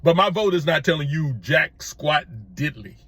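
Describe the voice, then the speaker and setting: In an emphatic monologue on his own channel, a middle-aged male YouTube host repeats phrases and keeps restarting with stammers. His voice is fairly high and fairly bright, animated, at normal speed.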